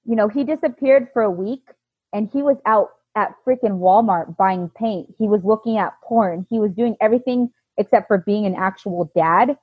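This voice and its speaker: A woman's voice: medium pitch, moderate pace, breathy edge, no echo. A woman earnestly retelling a painful chapter of her life, quoting the people involved. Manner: earnest, emotional retelling with many quoted lines. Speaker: personal storyteller. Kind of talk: candid personal testimony. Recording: dull, lo-fi, dry recording.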